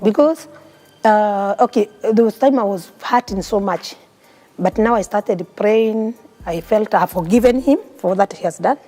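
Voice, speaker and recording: A woman's voice: medium pitch, moderate pace, warm tone, soft background music. A woman with a Kenyan accent, a guest in an interview telling her personal story in an earnest, heartfelt way. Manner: mixes English and Swahili, earnest and heartfelt.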